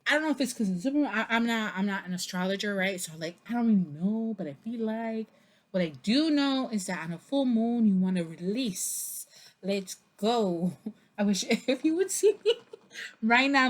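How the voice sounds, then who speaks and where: A woman reads tarot casually to camera in a medium-pitched voice, chatty and expressive. Her delivery is loose and full of fillers, and she laughs and swears whenever something surprises her.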